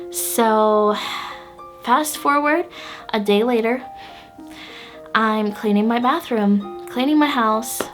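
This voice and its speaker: Woman host, higher voice, slow chatty storyteller, filler-heavy and giggly, light music bed. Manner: chatty, full of "like" and "um", laughs often. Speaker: pagan witch channel host. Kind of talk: casual personal storytelling.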